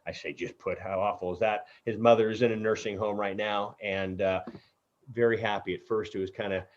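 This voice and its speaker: A middle-aged man hosting a casual interview, talking in a chatty, halting way with many fillers. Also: on the low side, steady tone, muffled recording, a little hiss or hum. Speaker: podcast host.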